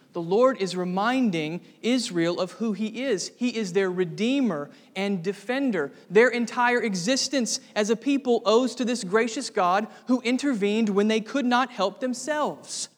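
High-voiced preacher in a reverberant hall. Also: male voice, measured pace, hardly any pauses. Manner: earnest preaching, rising to fervent emphasis. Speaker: pastor. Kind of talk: sermon.

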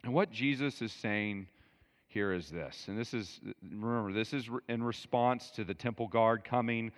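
A pastor delivers a verse-by-verse expository sermon, speaking conversationally and with emphasis while making asides to his listeners. His fairly low voice moves at normal speed and carries a big-room sound.

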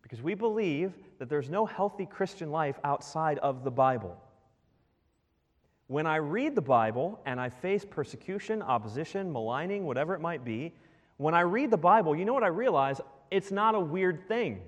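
A male pastor preaching a sermon in a church, animated and full of rhetorical questions to the congregation. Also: on the high side, moderate pace. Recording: long reverb of a large hall.

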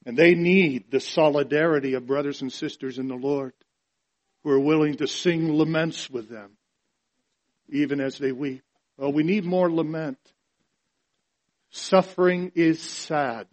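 A man preaching from the pulpit in a voice pitched somewhat high for a man. He drops to near-hushed tones and then builds to loud, emphatic passages. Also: unhurried, pauses often. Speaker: pastor. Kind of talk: sermon.

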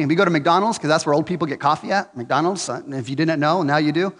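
A man's voice: fairly high pitch, quick pace, few pauses, a bit bright, long reverb tail. A man in his forties preaching a conversational sermon, earnest with jokes and frequent restarts.

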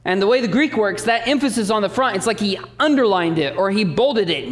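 A male pastor preaching a sermon, emphatic and animated, breaking off into teaching asides. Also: sits high, fast talker, hardly any pauses.

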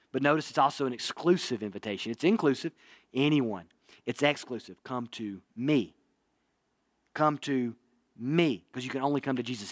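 A man's voice: medium pitch, dry recording. A man preaching a sermon in an earnest way, often repeating himself and asking his listeners "right?". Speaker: pastor. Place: church.

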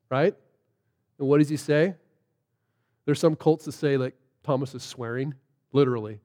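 A man's voice: medium pitch, fairly even intonation, unhurried, pauses often, dark tone, in a large hall. A man preaching a sermon, telling the story casually and animatedly, with plenty of fillers. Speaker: pastor.

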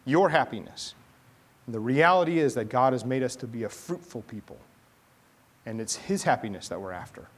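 Chatty pastor telling a story. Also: male voice, mid-range voice, animated, normal speed. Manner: conversational storytelling, chatty asides. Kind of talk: sermon.

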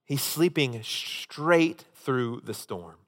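A man preaching a sermon as a pastor, telling a story with animated, emphatic delivery. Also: mid-range voice, extremely slow. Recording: long hall reverb.

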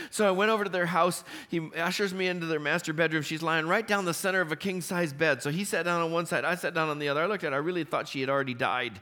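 A man's voice: on the high side, fast, hardly any pauses, bright, forceful tone. A man, a pastor, preaching a sermon in a church and telling stories with humor, often laughing. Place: church sanctuary.

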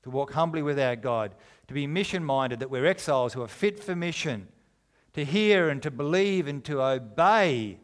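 A man's voice: on the high side, animated, normal speed. A middle-aged man preaching a sermon, conversational and jokey but driving home his points with emphasis. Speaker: pastor.

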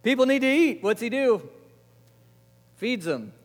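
A man preaching a sermon, asking the congregation questions and answering them himself, moving between emphatic lines and quiet, intimate ones. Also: extremely high pitch, big pitch swings, unhurried. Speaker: pastor. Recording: long reverb of a large hall.

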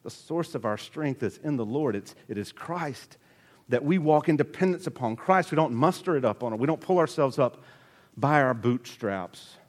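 A male pastor preaching a sermon with earnest emphasis, his voice rising to strong peaks and dropping low. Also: animated, moderate pace. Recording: long reverb of a large hall.

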